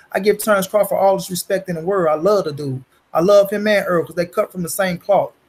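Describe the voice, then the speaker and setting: Man, high-pitched voice, casual boxing commentary, blunt, profane, says "you dig" a lot. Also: low-quality recording. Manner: blunt, profane, repeats himself for emphasis; peppers talk with "you dig" and "bro". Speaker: boxing channel host.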